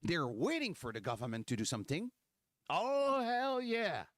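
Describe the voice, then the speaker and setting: A man, hosting a livestream in casual, animated political talk full of sarcasm and restarts. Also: high voice, moderate pace, dry recording. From Quebec, Canada. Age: 40s.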